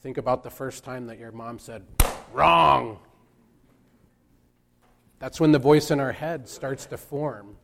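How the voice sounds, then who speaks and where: A man giving a reflective sermon, speaking in a measured way and pausing for emphasis. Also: mid-range voice, fairly even intonation, darkish tone, a little hiss or hum. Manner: slow, measured, with pauses for emphasis. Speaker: preacher.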